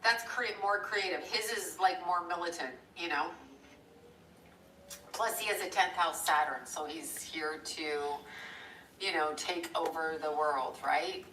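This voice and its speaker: Bright-voiced woman rambling in a roomy space. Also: on the low side, steady tone, unhurried, slight background noise. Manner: rambling, blunt and profane, chuckling. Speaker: live-streaming artist. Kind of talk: casual live-stream chat while drawing. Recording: roomy echo from a distant mic.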